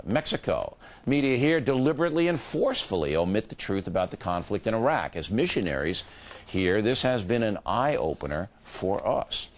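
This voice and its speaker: Low-voiced guy reading viewer mail on a news show, snaps back dry one-liners, pitch jumps around a lot. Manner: reads letters aloud, then answers with curt dry retorts. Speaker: cable news host.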